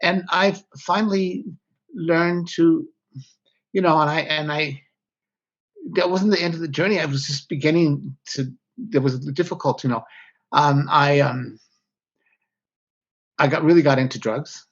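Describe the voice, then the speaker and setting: A man's voice: on the high side, measured pace, pauses often. A man, a guest author, speaking candidly and reflectively in an interview, often breaking off mid-thought. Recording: slightly dull lo-fi audio.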